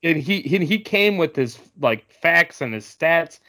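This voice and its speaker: A man's voice: fairly high pitch, expressive, unhurried, sharp tone. A man co-hosting a casual sports podcast, rambling with many fillers and restarts. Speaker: podcast co-host.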